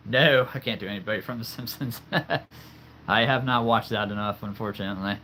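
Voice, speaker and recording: This thirty-something streamer chats on a livestream about his figure collection from his home room of toy figures, rambling and laughing at himself a lot. He speaks at a normal speed in a lowish voice with a sharp tone, over a little hiss or hum.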